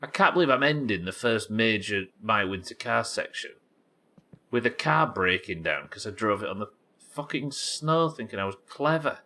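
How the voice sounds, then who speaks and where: Streamer, male, Yorkshire accent; lowish, forceful voice, rambling and sweary as he plays. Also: animated, normal speed. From England. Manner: rambling, sweary, thinking aloud. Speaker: game streamer. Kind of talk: casual live-stream chat while gaming.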